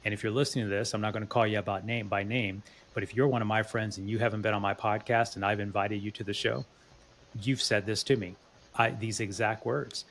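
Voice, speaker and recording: Low-voiced man hosting a podcast. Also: fairly even intonation, fairly quick, fairly bright tone. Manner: earnest, repeats words when restarting. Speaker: podcast host. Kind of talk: casual interview chat.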